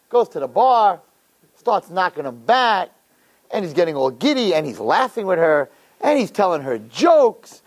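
Male rabbi, sermon storyteller; comic, lively delivery, slightly high voice. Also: unhurried. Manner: animated, joking storyteller.

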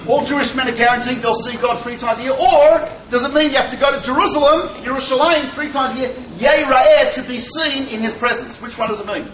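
A man's voice: very high voice, a bit bright, a little hiss or hum. A man teaching the Torah to a live audience, joking and asking rhetorical questions. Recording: echoey hall, voice from far off.

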